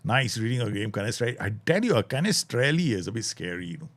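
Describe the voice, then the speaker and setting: A man streaming a football management game, chatting casually, laughing often and breaking into excited outbursts. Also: mid-range voice, fast. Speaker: gaming streamer. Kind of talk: casual live game commentary.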